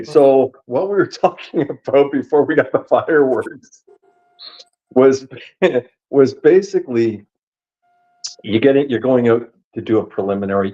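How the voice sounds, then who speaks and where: A man hosting a paranormal investigation podcast in casual chat, talking over a video call and quick to laugh. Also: mid-range voice, highs cut off. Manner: animated, laughs easily, rapid asides.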